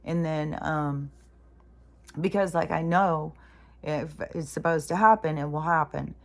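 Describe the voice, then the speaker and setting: A woman's voice: deep voice, measured pace, gravelly. A woman venting in a rambling, profane monologue for her vlog, sounding mentally exhausted. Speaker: spiritual vlogger.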